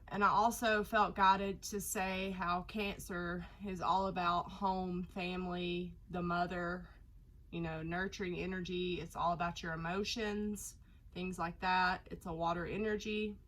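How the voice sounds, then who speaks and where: A woman's voice: on the low side, level tone, a little slow, a bit bright, low-quality recording. A woman doing a casual tarot reading, her voice nasal from a cold, chatty and rambling with lots of fillers. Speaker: tarot reader.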